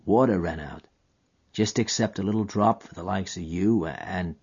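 A man's voice: sits low, moderate pace, a little mellow, husky, muffled recording. A man doing a weary dying frontiersman. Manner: weary drawling rustic dialect.

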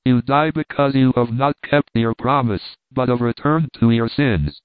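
A man voicing an unmoved bishop who answers smoothly and coolly, in an audiobook reading. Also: mid-range voice, measured pace, dry recording, lightly acted. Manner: smooth and cool. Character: cold, unmoved male bishop. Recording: dry, tinny phone-like sound.

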